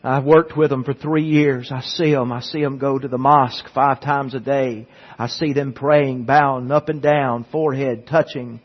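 A man preaches a sermon as the church's pastor, his voice a little husky and rough. He speaks earnestly and often repeats words as he goes. The sound is muffled and lo-fi, with a long hall echo trailing each phrase. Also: medium pitch, steady tone, normal speed.

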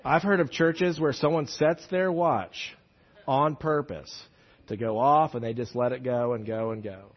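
A man preaching a sermon as a pastor, telling stories with many restarts and shifting between loud and hushed delivery. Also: medium pitch, unhurried, highs cut off.

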